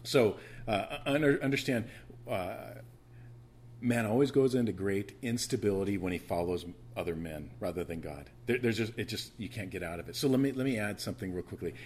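A pastor preaches in a conversational, teaching style, restarting sentences and adding asides, repeating phrases for emphasis and surging into loud, emphatic bursts. His voice is on the low side and brisk.

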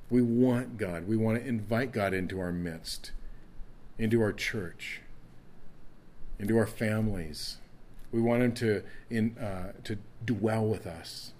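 A man's voice: fairly low pitch, darkish tone. A man teaching a Bible passage as a pastor in an evening sermon, earnest, with emphatic stresses and scripture read aloud.

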